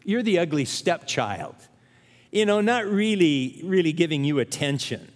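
A man's voice: fairly high pitch, very animated, measured pace, big-room sound. An older man, a pastor, preaching a sermon in an earnest, conversational way with emphatic rises.

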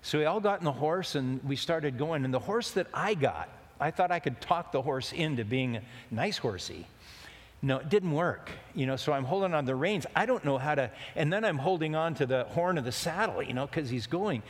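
A man's voice: fairly high pitch, lively intonation, normal speed. A man preaching a sermon, telling a rambling, joking story in a folksy way. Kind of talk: sermon with a told anecdote. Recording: long hall reverb.

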